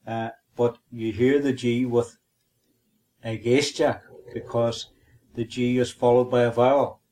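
A man's voice: mid-range voice, flat delivery, measured pace, darkish tone. A man with a Northern Irish accent co-hosting a podcast, teaching a language lesson methodically and spelling and repeating words.

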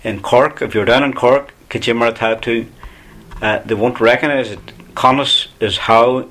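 Irish-language teacher: a man with an Ulster Irish accent, calm and patient, mid-pitched. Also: moderate pace. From Ulster, Ireland. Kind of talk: explanatory teaching.

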